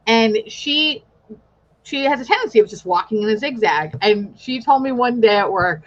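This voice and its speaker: Young woman host, casual and profane, quick to laugh; slightly muffled lo-fi audio. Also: fairly high pitch, expressive. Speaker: podcast host. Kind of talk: casual chat.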